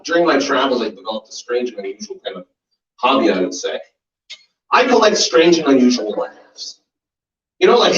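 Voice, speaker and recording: A man in his forties works a small crowd with a stand-up set, swearing freely and breaking into laugh impressions. His voice is fairly high and swings widely in pitch. He is heard from a distance in an echoey room, on a dull, muffled recording. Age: 40s. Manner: animated, profane, with laugh and voice impressions. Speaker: stand-up comedian. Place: small comedy club basement.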